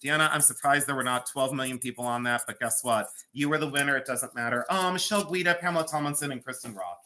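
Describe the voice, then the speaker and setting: A man hosting a live jewelry sale, chatty, theatrical and quick to mock himself. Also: medium pitch, pushed and bright, slight background noise. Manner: chatty, self-mocking, theatrical. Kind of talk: live-stream jewelry auction.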